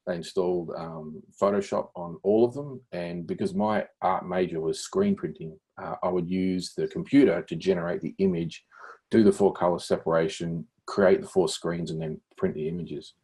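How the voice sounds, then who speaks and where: A husky, somewhat low-voiced Australian man in his forties sits for a casual interview. He spins animated stories, laughs easily, and swears without a second thought. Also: moderate pace. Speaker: guest entrepreneur.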